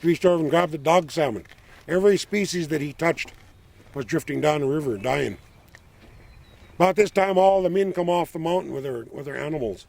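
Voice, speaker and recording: An older tribal elder tells a traditional legend outdoors by the shore, his words unhurried and plain. His voice sits slightly high for a man and carries a rough, gravelly texture. He speaks as a storyteller from the Lummi Nation. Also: animated, darkish tone. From Lummi Nation, Pacific Northwest. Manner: unhurried, plain-spoken folk telling. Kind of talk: oral legend telling.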